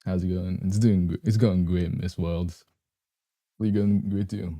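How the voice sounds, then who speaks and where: A young man streaming live, talking easily and softly with his chat. His voice is deep and very dark, still a little rough from the morning, and he keeps clearing his throat. The sound is close and dry, with no room around it. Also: fairly even intonation, a little slow, no room sound. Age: young adult.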